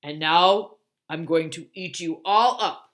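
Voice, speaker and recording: A woman voicing a big, bad, hungry male bully bug from a storybook, growling and boasting loudly. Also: lowish voice, takes it slowly. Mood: menacing.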